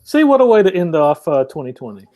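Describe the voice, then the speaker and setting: A man's voice: fairly high pitch, sing-song, fast talker, warm tone. A man hosting a live-streamed show in a laid-back, casual way, full of fillers. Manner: laid-back, filler-heavy, says "dude" and "bro". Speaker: show host.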